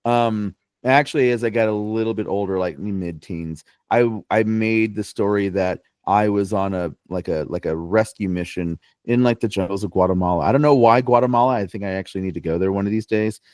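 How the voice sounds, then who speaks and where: A man's voice: lowish voice, brisk, few pauses, a little mellow, no room sound. A young man co-hosting a podcast, chatting casually and telling playful, joking stories. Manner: playful storyteller, joking and teasing. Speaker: podcast co-host. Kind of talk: casual chat.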